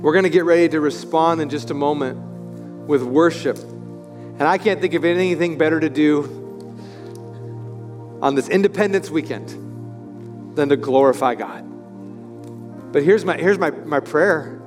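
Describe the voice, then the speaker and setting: Male pastor, high voice, animated sermon in a church with faint music behind. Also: measured pace, long pauses. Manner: animated preaching, swinging from loud to hushed. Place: church sanctuary. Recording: echoey hall with music.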